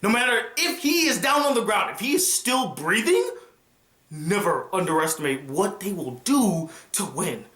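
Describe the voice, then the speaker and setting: Male TV reviewer, high and bright voice, excitable retelling, echoey room. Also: moderate pace. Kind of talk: casual reaction review.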